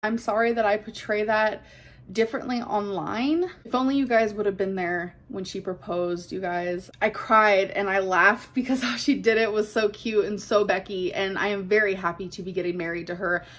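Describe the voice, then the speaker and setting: A woman's voice: mid-range voice, fairly even intonation, normal speed, fairly bright tone. A woman vlogger chatting casually to the camera, answering things said about her in a candid, defensive way. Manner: candid, defensive, emotional at times.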